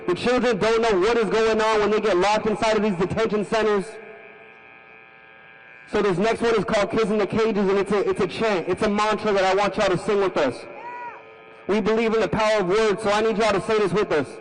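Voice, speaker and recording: A man's voice: high-pitched, fairly even intonation, fairly quick, low-quality recording. A male musician talking to the crowd from the stage at an outdoor protest rally, earnestly urging them to sing along. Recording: music clearly audible behind.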